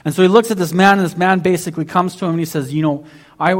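Male pastor, chatty sermon delivery, voice a touch high. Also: fairly even intonation, fast. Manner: conversational preaching, many restarts and "basically".

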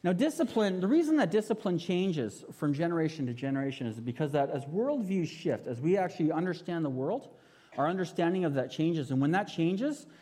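A man's voice: on the high side, animated, a little fast, mellow. A man in his thirties preaching, telling a story animatedly and putting questions to the audience. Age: 30s. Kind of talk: sermon with storytelling. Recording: long hall reverb.

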